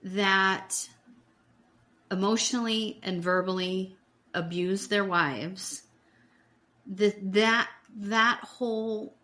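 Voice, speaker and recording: Slow, measured woman co-host. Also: medium pitch, pushed and bright. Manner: slow, searching for words, many affirming murmurs. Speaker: podcast co-host. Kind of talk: casual recap chat.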